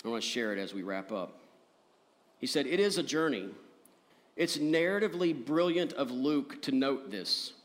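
A man preaching a sermon as pastor, earnest, rising to emphatic peaks and dropping soft. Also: mid-range voice, expressive, moderate pace.

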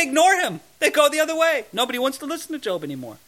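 A man teaches a Bible passage verse by verse in the manner of a pastor. His voice sits high and sounds bright and forward. He reads scripture with real feeling and acts out the pleas, often stammering as he starts a sentence. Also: big pitch swings, brisk.

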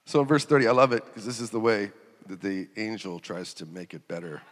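A man preaching a sermon. He talks in an animated way, laughs, and acts out quotes in sudden loud, high bursts. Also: fairly quick. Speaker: pastor. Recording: reverberant hall.

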